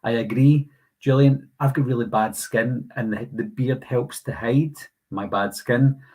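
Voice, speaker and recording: Husky British man chatting on a stream. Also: medium pitch, fairly even intonation, unhurried, darkish tone, rough recording. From United Kingdom. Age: 30s. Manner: chatty, reads viewer comments aloud and answers them. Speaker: host of a live Q&A stream. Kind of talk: casual live-stream chat reading comments.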